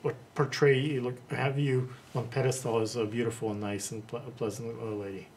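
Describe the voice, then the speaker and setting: A man's voice: mid-range voice, flat delivery, a little mellow. Hesitant man with a faint ambient hiss. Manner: halting, full of hesitations and restarts. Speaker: interviewer host. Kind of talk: casual interview chat.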